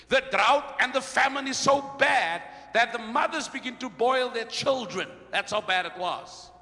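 High-voiced shouting preacher in a reverberant hall. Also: male voice, creaky. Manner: call-and-response preaching, shouting and repeating refrains. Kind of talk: sermon.

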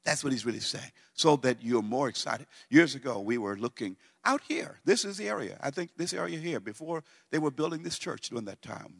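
A middle-aged male pastor preaching a sermon, swinging from loud, excited near-shouting down to low, quiet speech. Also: gravelly, big-room sound.

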